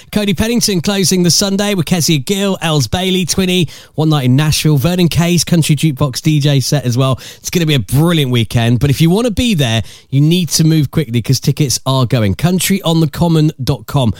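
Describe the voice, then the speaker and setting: A man's voice: fairly high pitch, expressive, brisk, no echo, clean studio sound. A man presenting on a country music radio station, chatty and upbeat as he plugs events. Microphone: studio mic.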